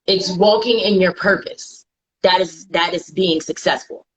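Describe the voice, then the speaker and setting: A woman's voice: lowish voice, unhurried, rough recording. A woman guest talking emphatically and with conviction about purpose and faith, often repeating herself for stress, close to tears. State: tearful, close to crying. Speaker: guest, TV host. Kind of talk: live interview conversation.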